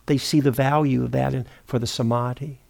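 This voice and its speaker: A middle-aged man giving a meditation teaching at a retreat center, speaking in an unhurried, thoughtful way, often pausing to correct himself. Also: medium pitch, steady tone, creaky, darkish tone. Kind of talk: dharma talk.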